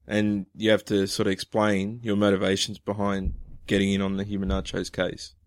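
A man's voice: fairly low pitch, completely flat delivery, normal speed, slight background noise. A man casually planning an improv comedy scene with friends, laughing often as he sets it up. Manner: laughs often, plays the police chief. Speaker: improv player.

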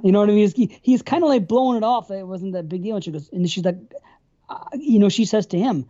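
A woman's voice: medium pitch, animated, fairly quick, warm tone. A woman in a casual film discussion, swearing often and retelling scenes at length. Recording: slightly muffled recording.

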